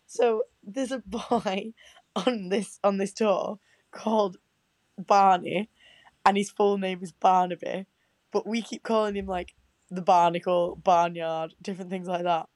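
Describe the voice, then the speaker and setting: A woman's voice: on the low side, steady tone, normal speed, a little mellow, no room sound. A young woman co-hosting a casual podcast, chatty and sweary, often laughing. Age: young adult. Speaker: podcast co-host.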